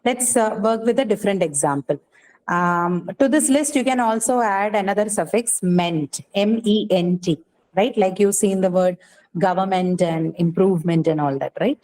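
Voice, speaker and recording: A woman's voice: medium pitch, normal speed, darkish tone, rough recording. A woman teaching a classroom lesson, asking questions and checking in with "right?" as she explains. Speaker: English teacher. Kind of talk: classroom lecture.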